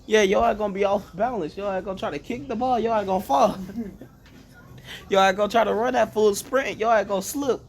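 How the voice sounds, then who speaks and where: Young man, high voice, excitable storyteller, quick laughs, faint background hiss. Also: creaky. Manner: excitable, laughs often, acts out quotes. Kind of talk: casual imaginative chat.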